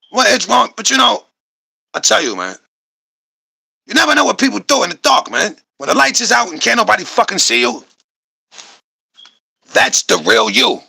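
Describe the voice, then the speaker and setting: A man's voice: high-pitched, gravelly, pushed and bright, breathy edge. A man hosting a podcast, reacting to clips with profane, repetitive, rhetorical commentary. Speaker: podcast host reacting to videos.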